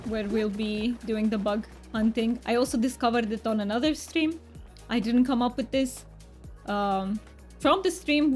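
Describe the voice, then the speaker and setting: A woman's voice: on the high side, darkish tone. A woman streamer chatting casually during a livestream, talking with her chat viewers as she plays. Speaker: game streamer.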